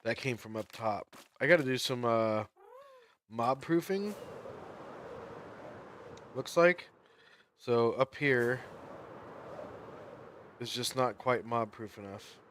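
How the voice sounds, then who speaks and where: A man's voice: mid-range voice, lively intonation, slow pace, long pauses, a bit bright, slight background noise. A man chatting casually on a livestream while he plays, laughing often as he tells stories.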